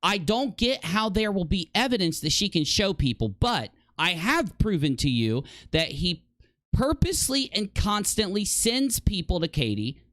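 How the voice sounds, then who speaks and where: Playing clips on his commentary channel, a man argues back at them with indignation and sarcasm, rattling off questions in quick succession. His high-pitched voice swings widely in pitch and has a fairly bright tone, recorded without echo.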